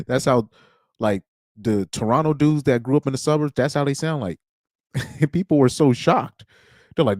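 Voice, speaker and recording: A man's voice: mid-range voice, lively intonation, moderate pace, pauses often, darkish tone, dry recording, studio quality. A man hosting a casual livestream, rambling along with frequent restarts and chuckles. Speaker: livestream host.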